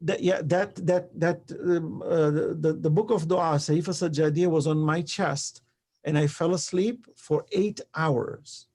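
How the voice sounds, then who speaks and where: A man's voice: a little high, unhurried. A man speaking as a guest on a talk show, earnest and emphatic, telling stories with quoted exchanges. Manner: animated storytelling with quoted exchanges. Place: live online show.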